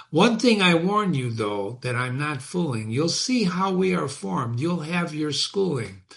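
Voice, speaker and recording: A man reading aloud and voicing a sly male fiend who talks in a smooth, knowing, persuasive way. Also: fairly high pitch, voice pushed up.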